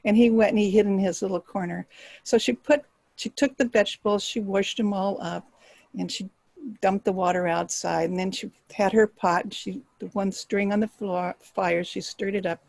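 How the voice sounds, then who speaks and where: A woman storyteller telling a folktale aloud, expressive and dropping to hushed tones for suspense. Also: medium pitch, normal speed, gravelly, no room sound, poor audio. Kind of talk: live oral storytelling.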